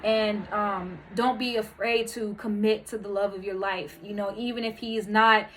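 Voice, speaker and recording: A woman talks in an earnest, heartfelt way and leans on plenty of "you know" fillers as she speaks straight to the listener. Her voice sits at an ordinary middle pitch. A faint background noise hangs behind her. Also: steady tone, moderate pace, fairly bright tone, poor audio. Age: adult, married mother. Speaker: podcast host. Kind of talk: candid personal monologue.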